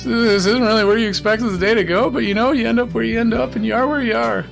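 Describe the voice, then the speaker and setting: A man voicing a sentimental goblin who blubbers in a high, choked-up voice. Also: fairly even intonation, fast, creaky, over music. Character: weepy sentimental male goblin.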